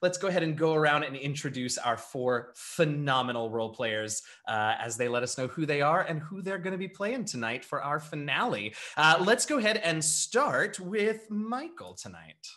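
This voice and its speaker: A man's voice: a little high, expressive, normal speed, few pauses, sharp tone. A man hosting as storyteller and game master, introducing his players with effusive, playful thanks. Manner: effusive, grateful, playful banter. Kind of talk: warm show introduction.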